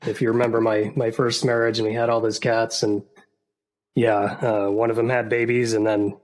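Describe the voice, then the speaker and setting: A man's voice: medium pitch, flat delivery, normal speed, darkish tone. A man co-hosting a podcast, chatting casually in a rambling way, with many fillers and frequent laughs. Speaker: podcast co-host. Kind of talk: casual chat.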